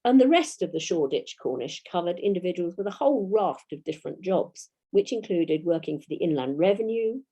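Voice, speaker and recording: Woman historian lecturing in a mellow tone. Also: fairly low pitch, expressive, breathy edge. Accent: British English. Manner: measured, reads out quotations and dates. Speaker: historian giving a talk.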